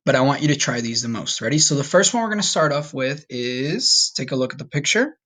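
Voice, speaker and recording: Man, spanish teacher, recorded online lesson, patient slow drills, cheerful asides. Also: mid-range voice, expressive, sharp tone.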